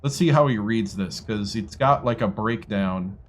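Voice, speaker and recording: A man's voice: fairly low pitch, measured pace. Man muttering through a gameplay stream. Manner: muttering to himself while trying voices. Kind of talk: casual gameplay livestream chat.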